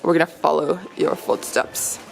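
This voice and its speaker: A woman's voice: low-pitched, level tone, normal speed, creaky, poor audio. A woman hosting a travel vlog, giving chatty, upbeat narration as she walks through an old mansion hotel. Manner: upbeat, chatty tour guiding. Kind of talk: walking room-tour narration. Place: old haveli hotel, stairs and courtyards. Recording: noticeable background noise.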